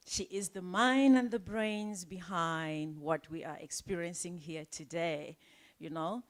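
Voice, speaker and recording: A woman's voice: fairly low pitch, measured pace. A woman from Cameroon whose accent carries South African influence, hosting a live event in a chatty, playful way with frequent laughter.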